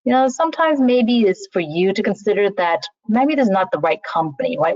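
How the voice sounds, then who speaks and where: This webinar on interview skills features a woman recruiter speaking informally via video call, restarting sentences and leaning on "you know." Her medium-pitched voice is expressive, fairly quick and a little mellow, with no echo in the slightly muffled, dry online sound.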